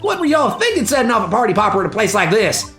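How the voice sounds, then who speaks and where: A woman voicing a brash, loud Southern woman photographer with a drawling Southern US accent, over game music. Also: mid-range voice, very animated, fast talker, roomy sound, pitched above the performer's own voice. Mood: scolding.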